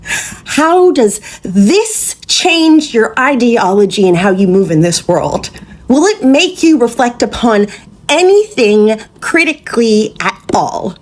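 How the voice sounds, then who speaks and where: Woman firing pointed questions, high voice. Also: big pitch swings, takes it slowly. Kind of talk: commentary.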